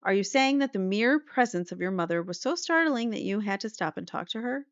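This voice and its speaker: A woman's voice: mid-range voice, lively intonation, a little fast, dry recording, close to an everyday voice. A woman voicing a courtroom prosecutor who cross-examines with pressing, repetitive questions. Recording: slightly muffled dry recording.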